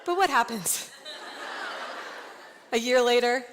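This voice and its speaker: A woman founder telling a funny personal story to a women's event audience, animated and laughing often. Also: high-pitched, normal speed, a little hiss or hum. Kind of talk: comedic personal storytelling talk. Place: large event hall before an audience. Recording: long hall reverb, faint ambience.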